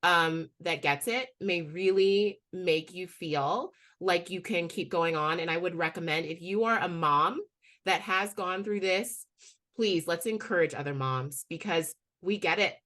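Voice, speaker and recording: A woman with a bright, forceful voice speaks candidly and with strong feeling on a webinar call. Her voice sits a little low. Her tone is heartfelt and open. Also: measured pace. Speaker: webinar co-host. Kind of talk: personal story on a webinar.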